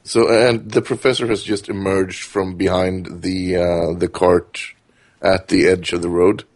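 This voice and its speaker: A man playing a tabletop role-playing game, stating his moves in a deliberate, careful way. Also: low voice, flat delivery, dry recording. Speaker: player.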